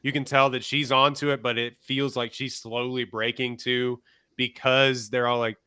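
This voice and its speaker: A man's voice: mid-range voice, flat delivery, normal speed, pushed and bright, clear, resonant tone, dry recording, studio quality. A man co-hosting a podcast, chatting in a laid-back, hesitant way about a movie. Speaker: podcast co-host. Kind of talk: casual movie review chat.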